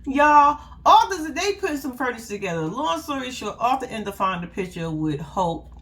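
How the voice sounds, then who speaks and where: A woman's voice: fairly high pitch, sing-song, moderate pace, fairly bright tone. A young woman, giving a blunt, sassy, profane casual recap with laughing asides. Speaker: reality TV recap host.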